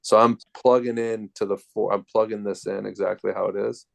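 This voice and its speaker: A man tutoring math over a video call, explaining things step by step in a relaxed way. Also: on the low side, fairly quick, creaky. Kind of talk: casual tutoring session.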